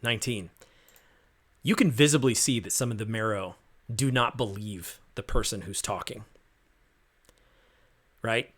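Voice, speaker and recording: A man's voice: lowish voice, a little slow, long pauses, a bit bright. A man running a tabletop game as game master, setting cinematic scenes in a casual, filler-laden way.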